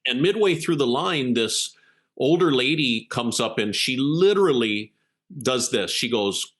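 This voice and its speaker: As a guest in an interview, this executive coach and keynote speaker shares a heartfelt story, performing each quoted line with animation. His voice sits in the mid range and his delivery is unhurried.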